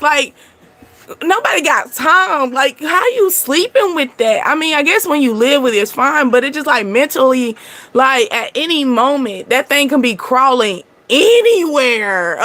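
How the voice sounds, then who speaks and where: A woman doing a casual tarot reading, chatty and animated, breaking into laughter as she tells stories. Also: high voice, unhurried, no echo. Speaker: tarot reader.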